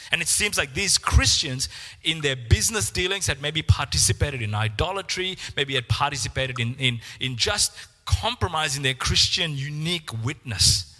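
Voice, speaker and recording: A man preaching a sermon, animated, repeating words and acting out the voices he quotes. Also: fairly high pitch, normal speed, big-room sound, faint music behind.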